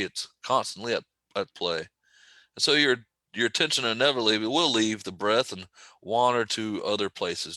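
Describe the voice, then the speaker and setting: A man with a low, bright voice gently guides a breathing meditation. He speaks slowly and calmly, with relaxed asides. The recording is dry and close. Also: dry recording. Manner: slow, gentle, calm guidance with casual asides.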